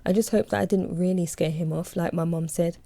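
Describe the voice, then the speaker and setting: A woman reading her own novel aloud in a calm, steady first-person audiobook narration. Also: on the low side, brisk, vocal fry, no room sound.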